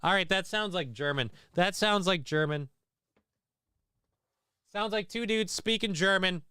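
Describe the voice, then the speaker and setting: A male livestream host talks through clips in a rambling, crude, self-deprecating way. His voice is smooth and clear and sits a little high. The sound is dry and close, as if he is speaking straight into the mic. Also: animated, a little slow, pushed and bright, no room sound. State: unwell after vomiting. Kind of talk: casual live commentary.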